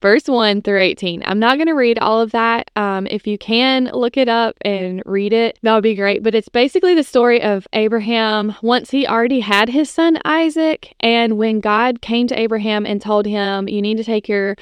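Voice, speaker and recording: A woman's voice: fairly high pitch, normal speed, hardly any pauses, clean tone, dry recording, lo-fi sound. A woman in her thirties hosting a podcast, telling a personal faith story in a casual, chatty way with frequent "like" and "you know". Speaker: podcast host.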